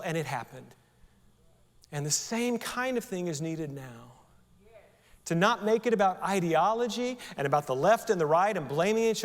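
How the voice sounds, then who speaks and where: Conversational male pastor in an echoing church. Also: high voice. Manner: conversational preaching with rhetorical questions. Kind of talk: sermon. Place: church sanctuary.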